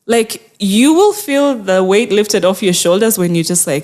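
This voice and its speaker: A woman's voice: medium pitch, animated, a little slow, a little mellow. A woman mental health therapist speaking as an interview guest, earnest and encouraging, often acting out people's inner thoughts. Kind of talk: conversational interview.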